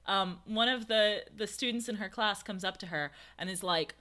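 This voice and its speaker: Young woman, podcast co-host, casual chat, laughs often, bright crisp voice. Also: mid-range voice, moderate pace. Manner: giggly, acts out quotes in playful voices.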